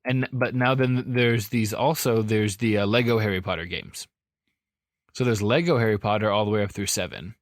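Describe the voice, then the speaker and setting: Low-voiced man rambling on a podcast. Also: moderate pace, no room sound, clean studio sound. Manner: rambling, easygoing, many fillers. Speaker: podcast co-host. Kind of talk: casual chat.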